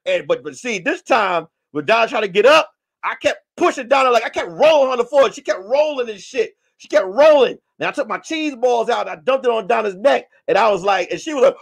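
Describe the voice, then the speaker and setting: A man hosting a comedy podcast, telling a rowdy story, shouting, swearing and acting out the voices. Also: very high-pitched, animated, quick pace, gravelly. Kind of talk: animated comic storytelling.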